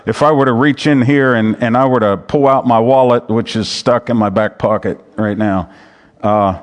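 Preaching man in a reverberant church. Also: mid-range voice. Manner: conversational preaching, reads scripture aloud, repeats phrases. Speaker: pastor. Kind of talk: sermon. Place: church sanctuary. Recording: long hall reverb.

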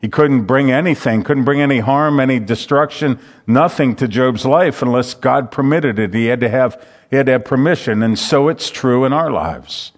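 A man's voice: mid-range voice, normal speed, hardly any pauses. A man preaching a sermon, reading scripture aloud and explaining it verse by verse with earnest, repeated emphasis. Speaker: pastor.

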